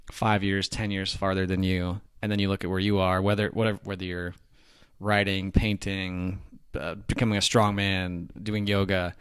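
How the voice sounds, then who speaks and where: Man, podcast host, casual chat, relaxed rambling stories, low smooth voice. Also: no echo, studio quality.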